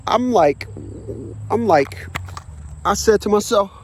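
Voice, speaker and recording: High-voiced man rambling over traffic noise. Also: lively intonation, unhurried. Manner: rambling, repeats words for emphasis; blunt, swears casually. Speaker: vlogger telling a personal story. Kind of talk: casual monologue.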